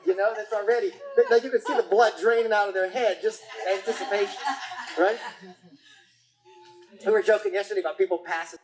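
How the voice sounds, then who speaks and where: A lecturer talks through acupuncture practice in a loose, conversational way. The voice sits at a middle pitch and keeps breaking off to restart sentences, filling gaps with fillers. Now and then it briefly acts out what a patient or parent said. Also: brisk, crowd noise, rough recording. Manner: chatty, rambling with frequent restarts and fillers. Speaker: acupuncture teacher. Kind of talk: casual lecture.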